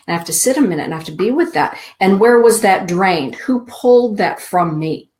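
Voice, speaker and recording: A middle-aged woman hosting a spiritual show, giving card readings to listeners in a soft, slow, drawn-out inspirational way. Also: mid-range voice, expressive. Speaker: show host and card reader.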